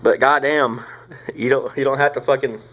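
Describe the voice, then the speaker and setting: A young man talks through a casual product review in a loose, rambling drawl, swearing freely and trailing off into fillers. His voice sits at an ordinary middle pitch. The sound is dull and lo-fi, like a basic home video. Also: fairly even intonation, moderate pace, a bit bright. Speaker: tobacco reviewer.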